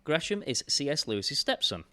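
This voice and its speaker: Man, Warrington accent, podcast co-host, animated pitch, reads trivia, laughs often. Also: brisk. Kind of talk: casual chat.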